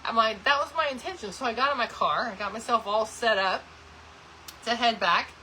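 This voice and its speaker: A woman chats through a crafting livestream and talks to her viewers by name. Her voice sits a little high and rings bright and forceful, and a faint hum of room noise runs underneath. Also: normal speed, rough recording. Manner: chatty and rambling, addresses viewers by name. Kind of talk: casual chat while crafting, reading viewer comments.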